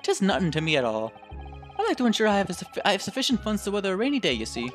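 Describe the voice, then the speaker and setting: A man's voice: high-pitched, huge pitch swings, rapid-fire, faint music behind. Man putting on a blustering rich Irishman. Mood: jovial. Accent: put-on Irish. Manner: jovial, blustering, loud. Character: boastful wealthy Irish male defendant.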